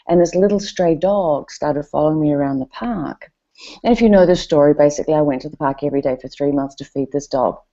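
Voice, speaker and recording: A middle-aged woman tells personal stories to an audience, animated and chatty. Her voice sits low and sounds warm and relaxed. The recording is dull and lo-fi. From New Zealand. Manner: animated, expressive, chatty with fillers. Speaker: event speaker. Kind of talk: personal storytelling talk.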